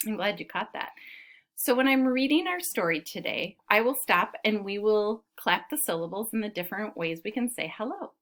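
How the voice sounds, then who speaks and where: A woman teaching a preschool class, her voice rising and falling in a lively, animated way. She speaks with patient encouragement, slowing down to sound out and clap syllables for little listeners. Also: medium pitch. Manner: claps and counts syllables aloud slowly. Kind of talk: reading a picture book to young children.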